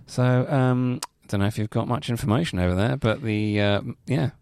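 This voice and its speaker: A man's voice: medium pitch, normal speed, creaky, darkish tone, clean tone, no echo, clean studio sound. A man co-hosting a beer podcast in casual, joking, sweary banter. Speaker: podcast co-host. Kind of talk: casual chat.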